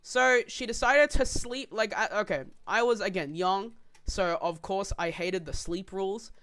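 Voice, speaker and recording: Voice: mid-range voice, unhurried, a bit bright. A young person casually rambling through a story on a podcast, swearing freely and laughing along. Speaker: podcast co-host.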